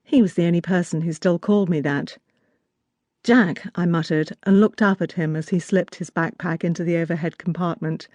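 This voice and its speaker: A woman's voice: fairly low pitch, steady tone, brisk, few pauses, warm tone, dry recording. A woman narrating a first-person romance audiobook in an intimate, wry storytelling manner.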